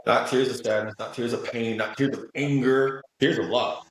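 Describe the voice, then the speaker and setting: A man's voice: medium pitch, steady tone, moderate pace, a little hiss or hum. A man speaking as a guest in a spiritual interview, earnest and emphatic, often checking in with "right?". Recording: very echoey room.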